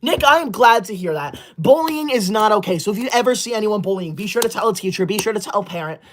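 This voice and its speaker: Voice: medium pitch, expressive, quick pace, close to an everyday voice. Someone playing an indignant school-loving streamer. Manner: indignant scolding, sudden shouted outbursts. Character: self-righteous school-loving young streamer, touchy. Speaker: livestreamer. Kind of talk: comedy sketch livestream.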